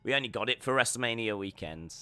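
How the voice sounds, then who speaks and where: A man hosting a live reaction stream, talking in a loose, rambling way. His voice is very bright and forceful, with a sharp, ringing edge. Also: medium pitch, fast talker, smooth, dry recording. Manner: rambling, animated, acts out scenes. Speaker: host.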